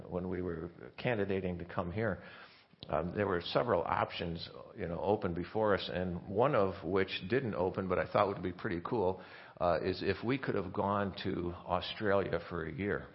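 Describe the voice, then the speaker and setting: Male pastor, lowish voice, chatty halting sermon, muffled lo-fi capture. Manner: halting, many restarts and asides. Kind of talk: conversational sermon. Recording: dull lo-fi sermon recording.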